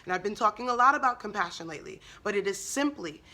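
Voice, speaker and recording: A woman speaks in a bright, forceful voice as she gives a devotional encouragement talk. She talks earnestly, in a preacherly way, and asks many rhetorical questions. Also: medium pitch, lively intonation, fast talker. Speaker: Christian speaker.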